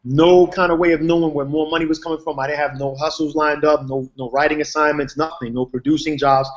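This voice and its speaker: A man's voice: a little high, steady tone, a little fast. Rambling slangy man on a lo-fi call. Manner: rambling, slangy, many fillers. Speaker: TV writer, guest. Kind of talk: casual storytelling. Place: online video hangout. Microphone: video call.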